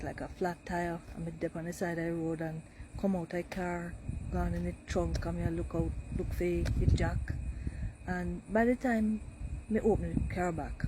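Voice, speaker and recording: A woman's voice: fairly low pitch, noisy background. A woman with a Jamaican accent, from Jamaica, casually telling stories about growing up there. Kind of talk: casual storytelling.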